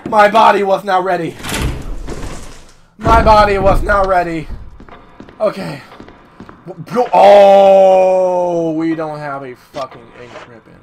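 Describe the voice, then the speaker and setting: A man giving profane, jumpy let's-play commentary, yelling at the game as he plays. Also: high-pitched. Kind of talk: gameplay commentary.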